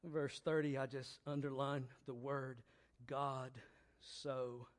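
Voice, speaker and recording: A male preacher gives a sermon, shifting from quiet, low reflection to loud, emphatic exhortation and repeating phrases slowly and deliberately. His delivery is flat.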